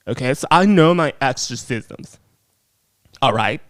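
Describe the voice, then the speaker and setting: A man's voice: mid-range voice, expressive, measured pace, fairly bright tone, dry recording. A man voicing a cocky, inexperienced young male priest who talks in a smug, drawling way.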